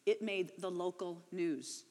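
A woman in her fifties, her voice lowish and darkish, speaks slowly in a big-sounding room. After reading her daughter's account, she tells her own story, her voice rising and breaking with emotion.

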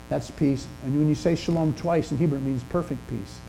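Older man, pastor, gravelly dark voice, conversational sermon, faint hum behind. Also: on the high side, rough recording. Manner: conversational storytelling with pauses and restarts. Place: church sanctuary.

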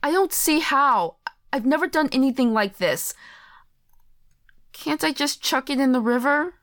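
A woman's voice: lowish voice, animated, unhurried, no echo, clean studio sound. A woman voicing a frightened young writer caught up in a haunting, her questions anxious and disbelieving. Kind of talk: audio drama acting.

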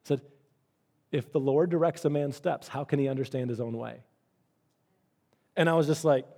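A man's voice: medium pitch, normal speed, gravelly, pauses often, warm tone. A middle-aged man preaching a sermon as pastor, in an earnest, conversational way that repeats phrases for emphasis.

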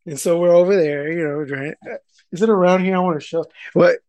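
A man with a high, light voice tells a casual story, swearing freely and loudly acting out the people in it. The sound is dry and close, with no room echo. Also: a little fast, smooth. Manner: animated, profane, rant-like, acts out quoted people loudly. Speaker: podcast co-host telling a story. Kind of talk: casual profane storytelling chat.

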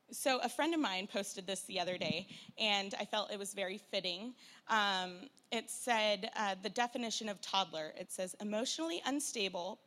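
A woman in her thirties tells a church gathering about life as a mother, chatty and full of little fillers. Her voice is bright and a bit higher than most. She slips into lively impressions when retelling moments with her kids. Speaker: mother sharing at a church Mother's Day event. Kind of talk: personal testimony talk.

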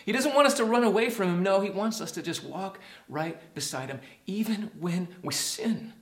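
A man preaching a sermon as a pastor, earnest, dropping to a hush and rising to emphasis. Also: high voice, lively intonation, moderate pace, roomy sound. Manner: earnest, swings from hushed to emphatic.

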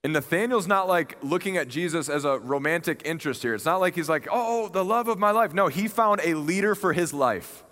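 A man's voice: a little high, a little fast, few pauses. Earnest young male preacher in a hall. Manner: conversational and earnest, animated retelling. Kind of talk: sermon. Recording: long reverb of a large hall.

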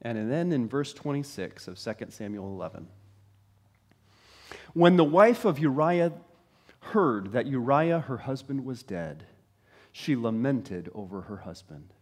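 A man preaching a sermon, telling a story dramatically and swinging from loud to hushed. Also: mid-range voice, animated, measured pace. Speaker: pastor.

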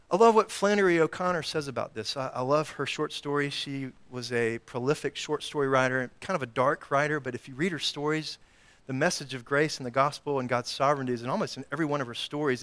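A male pastor preaching a sermon, acting out the voices of Jesus and Peter in lively bursts and putting repeated rhetorical questions to his congregation. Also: mid-range voice, fast talker.

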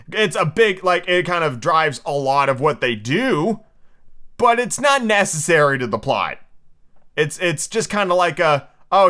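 A man's voice: fairly high pitch, sharp tone. A drunk, tired man hosting a solo podcast, rambling and swearing casually between book readings. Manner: rambling, profane, full of fillers. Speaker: podcast host.

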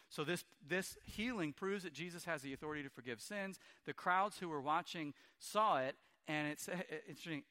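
Male preacher, bright tone, storytelling sermon delivery. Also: a little high. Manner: storytelling retelling of scripture, acting out quoted lines. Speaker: pastor.

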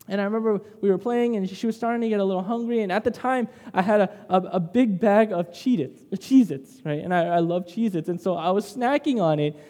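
A man's voice: high voice, dark tone, in a large hall. A man preaching a sermon in a conversational way, telling personal stories and tagging lines with "right?".

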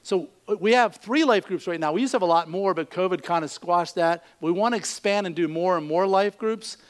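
A man's voice: sits high, a little fast, clear, resonant tone. A man pastor with a slightly raised voice delivers church announcements to his congregation. His talk is easygoing and conversational, peppered with ums as he moves from one notice to the next. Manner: relaxed, conversational, with frequent fillers. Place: church service.

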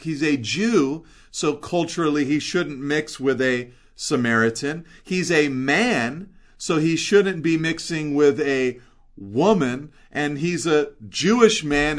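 A man delivers an earnest verse-by-verse sermon in a mid-range voice. He reads scripture, then retells it in plain speech. He slows down and gets louder to stress his key points. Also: mid-range voice. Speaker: pastor. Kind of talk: expository sermon.

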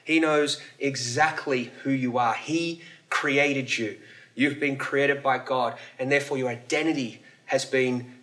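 A man's voice: medium pitch, fairly even intonation, a little slow, fairly bright tone. A male pastor giving a casual, conversational sermon at a church service. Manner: casual, conversational preaching with fillers.

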